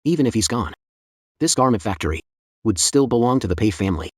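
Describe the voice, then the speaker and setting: A man's voice: medium pitch, animated, quick pace, breathy edge, no echo. A man voicing a scheming, greedy young brother-in-law, sneering and sarcastic, in a dry booth. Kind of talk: dubbed drama acting.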